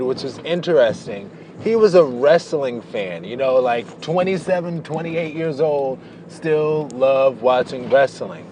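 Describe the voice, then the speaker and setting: A man tells a personal story straight to his viewers in a loose, playful, gossipy way, wandering off on tangents and leaning hard on drawn-out words. His voice sits at an ordinary middle pitch. Faint background noise hangs under the recording. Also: darkish tone. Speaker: vlogger. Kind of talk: casual storytelling to camera.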